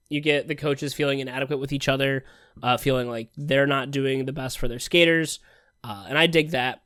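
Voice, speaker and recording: A man co-hosting a podcast, recapping episodes in loose, profane casual chat with quick quoted asides. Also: medium pitch, a bit bright, clear, resonant tone, no echo, studio quality. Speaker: podcast co-host. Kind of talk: casual anime review chat.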